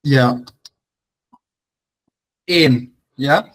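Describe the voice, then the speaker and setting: A man's voice: medium pitch, drawn-out words, a bit bright, rough recording. A young man teaching an online language class, talking in a loose, chatty way with many fillers and restarts.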